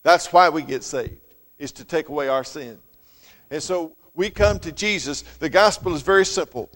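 A male preacher with a drawl delivers an earnest sermon, rising loud and then sinking to a near hush. His voice sits a little high for a man. A long reverb trails after each phrase, as in a large hall. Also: normal speed. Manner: earnest preaching that swells loud and drops soft.

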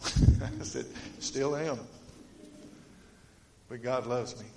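A male preacher, giving a sermon in a folksy storytelling way, swinging between emphatic stretches and quiet ones. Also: mid-range voice, steady tone, slow, gravelly, roomy sound, slight background noise, poor audio.

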